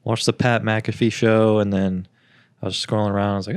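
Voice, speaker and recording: A young man co-hosts a podcast and tells rambling childhood stories in a low voice. He acts out the quotes with a raised voice. The mic is close and dry. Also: flat delivery, brisk, clear, resonant tone, dry recording. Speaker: podcast co-host. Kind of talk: casual chat.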